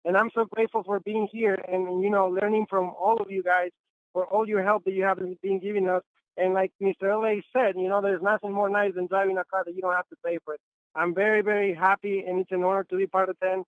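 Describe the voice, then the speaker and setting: A man's voice: high-pitched, level tone, quick pace, dry recording. A man giving an enthusiastic, repetitive sales testimonial as a guest on a phone-in conference call. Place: Los Angeles. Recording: tinny phone line.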